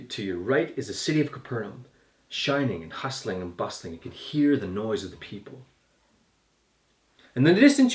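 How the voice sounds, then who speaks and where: A man's voice: medium pitch, echoey room. A male pastor telling a sermon story in vivid, scene-painting detail, recorded in his home studio.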